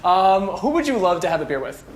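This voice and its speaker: A woman interviewing from off camera, firing playful questions at a quick clip. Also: on the low side, sing-song, a little hiss or hum. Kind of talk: upbeat rapid-fire questioning.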